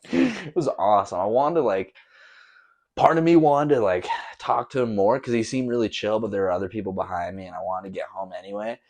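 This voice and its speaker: A man's voice: fairly low pitch, fairly quick, a little mellow. A young man hosting a casual solo podcast, rambling loosely with lots of slang and swearing. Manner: loose, profane, slangy storytelling. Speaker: podcast host.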